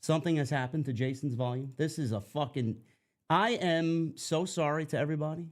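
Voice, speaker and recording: Frazzled dude cohosting a stream, cursing, keeps repeating himself, slightly high voice. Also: male voice, fairly quick. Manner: flustered, swears, repeats himself. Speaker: podcast co-host. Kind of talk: casual livestream chat.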